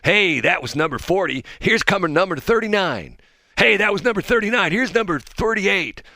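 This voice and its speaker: A man's voice: sits high, sing-song, moderate pace, sharp tone, no echo, studio quality, pitched above the performer's own voice, exaggerated voice. A man voicing a chirpy, upbeat male radio countdown host in a breezy sing-song manner.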